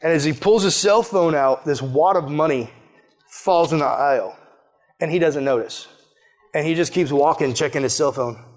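A man preaching a sermon through a personal story, talking casually with lots of fillers and animated retellings. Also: a little high, moderate pace.

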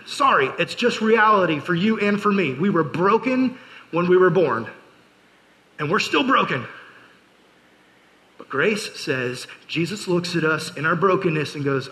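Male youth pastor, bright higher voice, loose joking sermon, lots of fillers. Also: lively intonation, measured pace, rough recording. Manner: chatty storytelling with many fillers, joking asides.

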